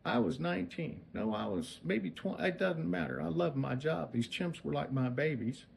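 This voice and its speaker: A man voicing a ninety-three-year-old former chimp handler, a little higher and softer than his own voice. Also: animated, moderate pace, gravelly, slight background noise. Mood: recounting. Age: older.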